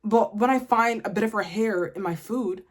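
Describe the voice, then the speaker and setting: A woman's voice: medium pitch, moderate pace. A woman, ranting bluntly and comically to camera in a casual vlog. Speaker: vlogger.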